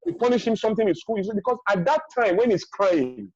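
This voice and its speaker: A man's voice: sits high, sing-song, quick pace, no room sound, highs cut off. A middle-aged man, speaking as a guest in a webinar, emphatic and repetitive, with a preachy manner. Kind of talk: advice talk in a webinar. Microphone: video call.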